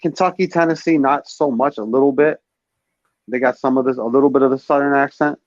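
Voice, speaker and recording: A man's voice: mid-range voice, fairly quick, no echo. New York-accented man, easygoing chatter, dry dull lo-fi recording. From New York area, USA. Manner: laid-back, loose explaining with lots of "like". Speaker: live stream host. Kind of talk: casual chat.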